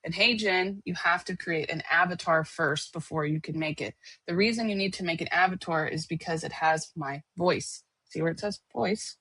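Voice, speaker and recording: A woman's voice: lowish voice, normal speed, hardly any pauses, fairly bright tone, slightly rough, dry recording. A woman teaching a casual screen-share tutorial, chatty and often checking in with her listeners. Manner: chatty, checks in with "okay?" and "right?". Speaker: online course teacher.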